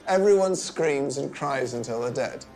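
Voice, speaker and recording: A man comedian retelling history in a dry, deadpan narrating manner. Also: medium pitch, normal speed, faint music behind. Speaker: comedian storyteller.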